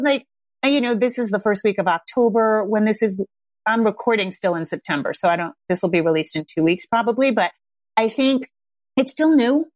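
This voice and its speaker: On her podcast, a woman in her thirties who works as a parenting coach talks through advice casually, frequently tossing in "right?" and "yeah?" Her medium-pitched voice is a little mellow, recorded with no echo.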